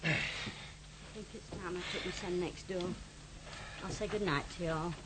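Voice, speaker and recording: An actress playing a blunt older aunt, full of tart dialect sayings. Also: female voice, fairly low pitch, steady tone, normal speed, noisy background, lightly acted. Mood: stiff. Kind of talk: radio drama.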